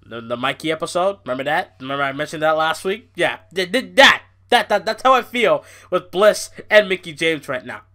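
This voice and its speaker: A young man hosting a casual wrestling podcast, ranting in an exasperated, animated way with frequent swearing. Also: fairly high pitch, brisk, few pauses. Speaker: podcast host.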